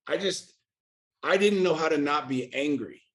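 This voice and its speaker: A man's voice: on the high side, moderate pace, a bit bright. Intense, profane middle-aged man. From United States. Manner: intense, profane, preachy rhetorical questions. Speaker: podcast guest. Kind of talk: candid interview talk.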